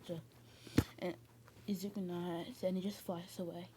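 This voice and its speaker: A woman's voice: fairly low pitch, little pitch movement, a little slow, very noisy. A woman casually retelling a fan story, rambling with many fillers and restarts.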